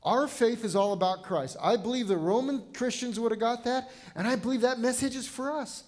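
A man's voice: very high voice, a little fast. A man pastor delivering a sermon in an earnest, conversational way, often restarting his phrases as he thinks aloud.

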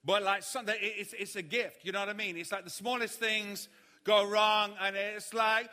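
Animated preacher in a reverberant hall. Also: male voice, normal speed. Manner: animated storytelling, acting out panic in high shouts. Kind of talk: sermon with humorous anecdote.

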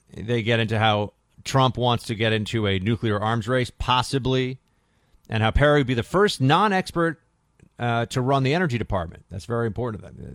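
A man's voice: on the low side, no echo, clean studio sound. A male talk radio host giving a sarcastic, indignant political monologue in punchy bursts.

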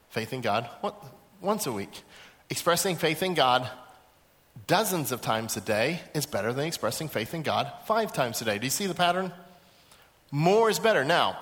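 A male pastor preaching a sermon in a large auditorium, telling stories and acting out the voices in them. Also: on the high side. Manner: lively storytelling, acts out quoted voices. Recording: echoey hall.

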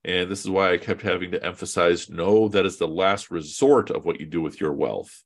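A man's voice: sits low, fairly even intonation, moderate pace. A man teaching an online Quran class in a casual, conversational way, quizzing students and using fillers. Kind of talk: casual online religious lesson.

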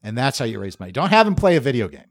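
A man's voice: medium pitch, very animated, rapid-fire, no room sound, studio quality. A man co-hosting a podcast in casual chat, joking and laughing often. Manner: joking, laughs often, acts out silly quotes. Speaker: podcast co-host.

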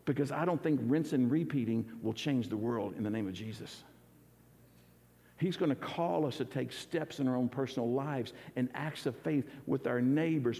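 A man's voice: mid-range voice, creaky, warm tone. A man preaching an earnest, conversational sermon as pastor, often restarting his words. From United States. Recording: church hall with long reverb.

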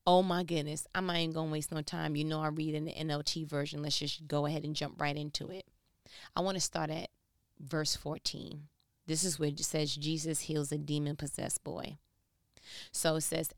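Woman, lowish voice, dry close sound, lively casual Bible teacher who jokes with her listeners. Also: moderate pace, clear, resonant tone, no echo. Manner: lively, joking, talks straight to the listener.

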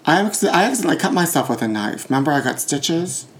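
A man's voice: on the high side, sing-song, quick pace, husky. A man hosting a podcast, reading celebrity gossip aloud with sassy asides. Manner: reads tabloid items aloud with sassy asides and giggles. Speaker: podcast host. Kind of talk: campy gossip commentary.

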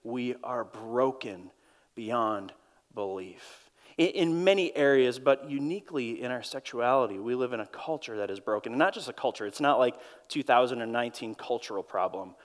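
A medium-pitched male voice with a Minnesotan accent delivers a sermon quickly, hardly pausing at all. This pastor tells stories earnestly and repeats words often, and the church auditorium carries the long reverb of a large hall.

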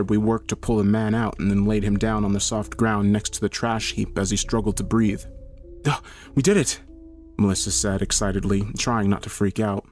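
A man narrating a horror story in a steady, measured storytelling manner. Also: fairly low pitch.

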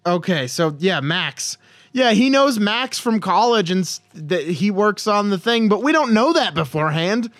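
A man's voice: sits high, very animated, moderate pace, fairly bright tone, dry recording. A man co-hosting a podcast, chatting casually about a movie in a mocking, sarcastic way with hesitant restarts. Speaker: podcast co-host. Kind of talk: casual movie-review chat.

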